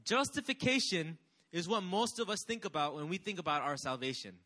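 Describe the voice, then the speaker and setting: A man's voice: sits high, a little fast, bright, forceful tone. A young man preaching a sermon with energy, calling on the congregation to respond. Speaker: pastor.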